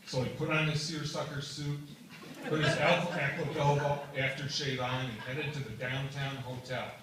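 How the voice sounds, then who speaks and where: A man's voice: mid-range voice, normal speed, background noise. Older man telling jokes in an echoey hall. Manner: deadpan storytelling with punchlines. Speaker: comedian at a variety show. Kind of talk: stand-up joke telling. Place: community hall stage. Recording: echoey hall mic from far off with audience. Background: audience laughter.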